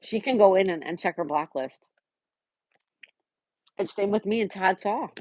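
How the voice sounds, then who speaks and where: A woman hosting a casual live stream, chatting and answering viewers by name, sometimes dropping to a soft whisper. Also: medium pitch, moderate pace, no echo.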